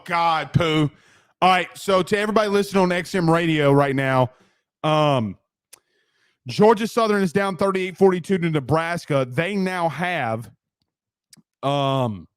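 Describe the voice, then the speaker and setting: A man hosting a postgame sports talk show, ranting in a brash, profane, rapid-fire way. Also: a little high, smooth. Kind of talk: fired-up postgame sports rant.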